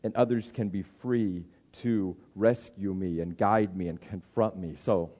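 A middle-aged man preaching a sermon, conversational and often restarting his words, acting out inner voices in a raised pitch. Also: steady tone, a little slow, dark tone. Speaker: pastor.

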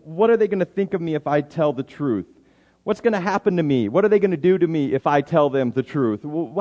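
A man's voice: mid-range voice, darkish tone, lo-fi sound. A man preaching a sermon, often restarting his words and acting out everyday excuses. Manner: stammering restarts, acts out quoted excuses. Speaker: pastor. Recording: long hall reverb.

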